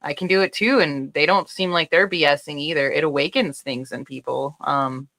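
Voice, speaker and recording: Bright-voiced male host, dry sound. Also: fairly high pitch, fairly even intonation, normal speed, vocal fry, no room sound. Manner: reassuring, talkative, full of "like" and "you know". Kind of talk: casual interview chat.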